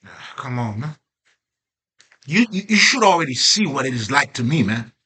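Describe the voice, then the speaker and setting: A man's voice: mid-range voice, sing-song, normal speed, sharp tone, breathy edge. A man giving a casual, emphatic spoken monologue on personal growth, full of swearing and rhetorical questions. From Haitian background. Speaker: self-growth vlogger.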